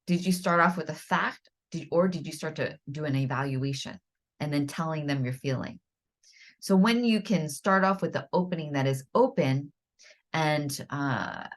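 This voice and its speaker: Woman podcast host: lower voice, sincere, instructive, self-correcting delivery. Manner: earnest, encouraging, gently instructive; frequent restarts and self-corrections. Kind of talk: solo podcast teaching.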